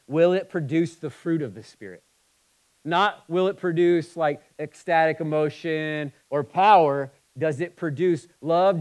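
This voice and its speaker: A man preaching a sermon, moving between emphatic, passionate stretches and quiet, somber ones. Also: a little high, poor audio. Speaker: pastor.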